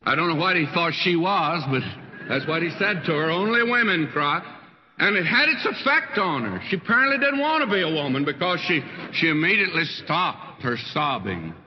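An older man preaching a sermon as a pastor, telling stories in a folksy, animated way. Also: fairly quick. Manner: folksy storytelling preacher with wide swings in pitch. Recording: dull lo-fi archival sermon recording with long hall reverb.

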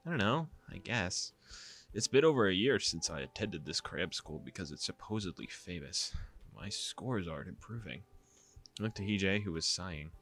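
A man's voice: low-pitched, sing-song, normal speed, a bit bright, husky. A young man reading a visual novel aloud, with casual, exasperated asides. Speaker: gaming YouTuber.

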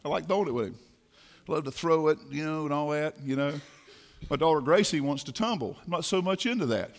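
A man preaching a sermon in a church, swinging from quiet asides to fiery shouting. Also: fairly high pitch, fast. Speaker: pastor. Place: church sanctuary.

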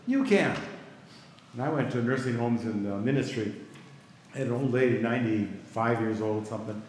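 A man's voice: medium pitch, normal speed, a little mellow, slight background noise. A middle-aged male pastor teaching a Bible class in a conversational way, stopping to ask the class for reactions. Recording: echoey hall with long reverb.

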